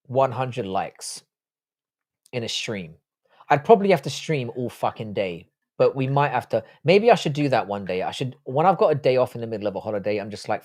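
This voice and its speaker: A man's voice: mid-range voice, darkish tone. A man hosting a casual live stream, reading out viewer chat and answering it with loose, profane talk. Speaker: livestream host.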